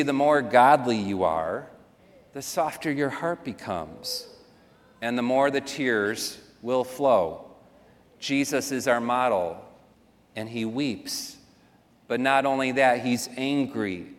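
A pastor with a medium-pitched voice delivers an earnest, conversational sermon, making asides to the congregation. The large hall he's in gives a long reverb.

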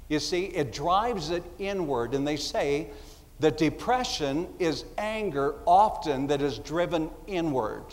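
Man preaching in a reverberant hall. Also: a little high. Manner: conversational preaching with acted asides. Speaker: pastor. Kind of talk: sermon.

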